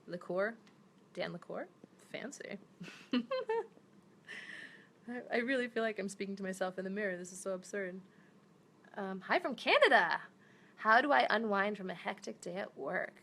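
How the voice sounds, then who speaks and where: A woman's voice: mid-range voice, creaky, a bit bright, slight background noise. A woman in her thirties, an actress, chatting casually in a live stream, reading fan comments aloud and switching between English and Portuguese.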